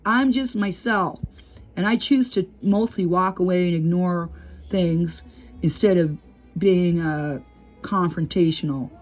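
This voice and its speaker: Middle-aged woman, chatty rambling vlog, frequent laughs, drops low and quiet at times, faint music behind. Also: unhurried. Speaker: vlogger. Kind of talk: casual monologue to camera. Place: at home.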